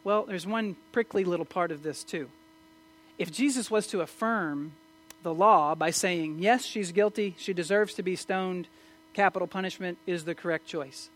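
A man preaching a sermon, swinging from loud emphatic questions to low, quiet asides. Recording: mains hum in the background.

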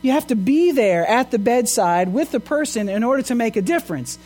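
A man's voice: extremely high pitch, lively intonation, fairly quick, darkish tone. A man pastor preaching a sermon in an earnest way, asking his listeners questions. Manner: earnest, asks the congregation rhetorical questions.

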